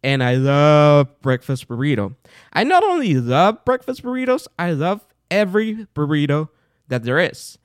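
A man hosting his own show, telling a casual, animated story full of fillers and retold dialogue, with non-native English phrasing. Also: a little high, moderate pace, clean tone, no echo, studio quality. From outside the United States. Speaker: podcast host.

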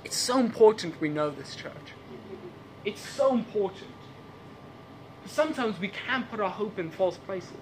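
Unhurried and pausing often, a high-voiced man preaches animatedly in a church service with background noise. He speaks English as a second language, repeating his questions and laughing at his own asides.

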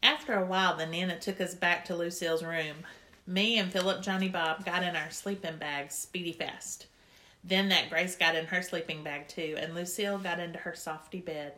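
A woman's voice: lowish voice, steady tone, moderate pace, bright, forceful tone, a little hiss or hum. A woman narrating a children's story in a chatty, childlike first-person voice. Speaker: audiobook reader.

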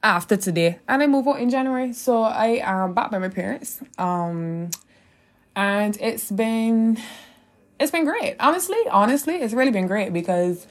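A woman's voice: fairly high pitch, lively intonation, measured pace. A woman in her twenties with a Caribbean English accent, hosting a solo podcast in a chatty, rambling way, swearing freely and laughing often. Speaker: podcast host. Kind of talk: casual solo podcast monologue.

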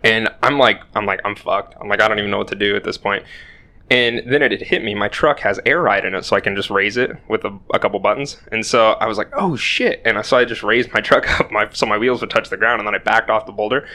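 Young man, casual podcast storyteller, rambling and self-deprecating, low and bright voice. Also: steady tone, fast talker. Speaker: podcast co-host.

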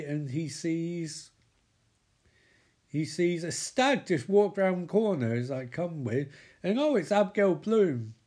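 A man's voice: on the high side, darkish tone. A man giving a sweary, rambling comedic recap of a TV episode, mocking the characters in put-on voices.

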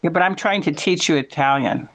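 A man's voice: a little high, fairly quick, fairly bright tone. An American man chatting casually, telling rambling stories and correcting himself as he goes. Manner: rambling, storytelling, with self-corrections. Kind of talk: casual chat.

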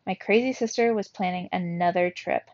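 A woman's voice: lowish voice, normal speed, darkish tone, no echo. A woman reading a children's story aloud with expression for young students. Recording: dull, lo-fi, dry.

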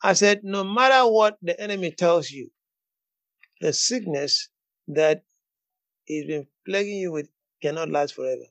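A man with a high, light voice preaches in a dry, close recording. He moves from quiet teaching into loud, bold declarations and often repeats his words as he builds up. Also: animated, unhurried, pauses often, dry recording. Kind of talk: sermon with prayer call-in.

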